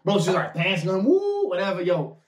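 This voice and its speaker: A man's voice: sits high, wildly swooping pitch, brisk, far from the mic. A man telling a wild night-out story in casual chat, laughing and acting out his friends' lines. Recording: roomy and a bit off-mic.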